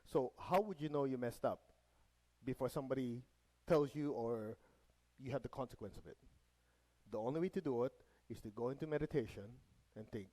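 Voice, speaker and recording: Mellow-voiced man teaching a group. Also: medium pitch, a little fast, pauses often, low-quality recording. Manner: checks in with the audience, asks them to repeat after him; light joking asides. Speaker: meditation teacher. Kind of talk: spiritual lesson to a live group.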